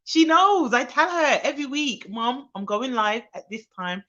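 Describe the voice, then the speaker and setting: A woman's voice: high-pitched, expressive, normal speed, pushed and bright, muffled recording. Chatty woman on a live stream. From Birmingham, England. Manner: chatty, greets viewers by name, frequent ums. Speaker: childcare expert hosting a live stream. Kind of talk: casual live-stream chat.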